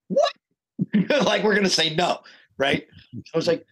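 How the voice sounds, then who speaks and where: A man's voice: sits high, moderate pace. A man, a guest singer, telling a story in casual podcast talk and acting out the quoted dialogue. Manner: animated, acts out quoted dialogue.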